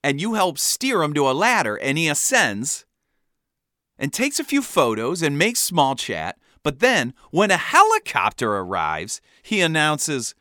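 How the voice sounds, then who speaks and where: A male comic storyteller with a wry delivery and a bright, forceful tone. His pitch leaps constantly from low asides to high punchlines. The recording is dry and close with no room sound. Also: huge pitch swings, measured pace, dry recording. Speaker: podcast host. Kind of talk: comedic storytelling monologue.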